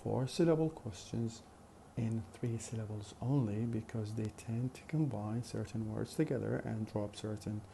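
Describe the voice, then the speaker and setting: A man's voice: on the low side, moderate pace, vocal fry, few pauses, dark tone, slight background noise. A man teaching a phonetics lesson in a methodical way, with many fillers and repeated examples. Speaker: phonetics lecturer. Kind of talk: recorded lecture.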